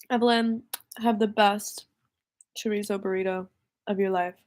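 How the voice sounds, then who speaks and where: A woman's voice: mid-range voice, fairly even intonation, slow pace, a little mellow. A young woman singer-songwriter chatting casually on a livestream, rambling and easily distracted, laughing often.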